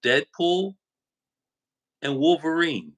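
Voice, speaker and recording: A man speaking as a guest in a political chat, measured and a little hesitant. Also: on the high side, expressive, fairly bright tone, poor audio. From United States. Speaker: guest commentator.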